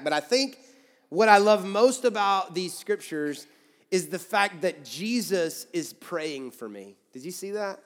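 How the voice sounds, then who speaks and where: A man's voice: fairly high pitch, fairly bright tone, long reverb tail. A man in his thirties, a pastor preaching a conversational sermon and acting out quoted voices. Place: church sanctuary.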